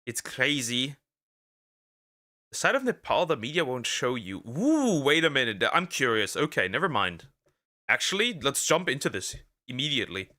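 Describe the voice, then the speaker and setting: A man streaming as a vtuber, talking in casual react commentary, rambling and halting with lots of fillers and restarts and speaking out bluntly. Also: mid-range voice, very animated, pushed and bright. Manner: outspoken, ranting.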